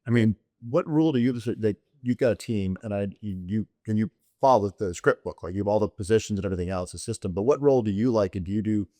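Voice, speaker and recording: Middle-aged host guy talking fast, keeps restarting his questions, low voice. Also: warm tone, no echo. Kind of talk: casual interview.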